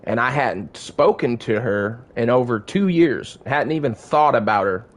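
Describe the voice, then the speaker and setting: A man at a medium pitch talks to his live stream chat, loose and casual. He tells a story the way he would to friends, swearing freely and drifting from thought to thought. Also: a little slow. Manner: relaxed, profane, conversational. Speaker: game streamer.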